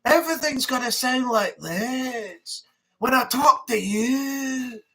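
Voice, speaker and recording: A woman putting on an older Scottish comedian, every word stretched and pushed out with heavy deliberation. The put-on Scottish accent sits a little above her usual pitch, and the pace is slow and weighty. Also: lively intonation, a bit bright, heavily acted. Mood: slow, deliberate. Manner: words slowly drawn out and pushed. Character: elderly Scottish comedian, slow drawn-out speech.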